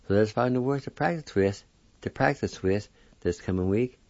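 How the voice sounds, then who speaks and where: A man teaching a language lesson on a dull lo-fi recording, sounding out each syllable slowly and deliberately. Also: fairly low pitch, darkish tone, dry recording. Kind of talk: spelling and pronunciation lesson.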